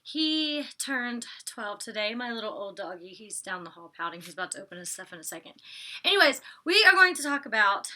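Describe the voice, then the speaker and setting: A woman's voice: medium pitch, very animated, fairly quick, pushed and bright. A young woman chatting casually at home, giving an opinionated review with lots of likes, ums and laughs. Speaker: vlogger reviewing a reality show. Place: home, indoors.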